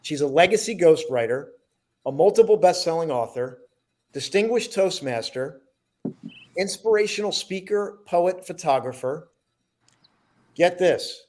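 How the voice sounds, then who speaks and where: A man's voice: fairly high pitch, expressive, darkish tone. Effusive male host introducing guests. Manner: enthusiastic, halting, effusive. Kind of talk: introducing guests on a video call.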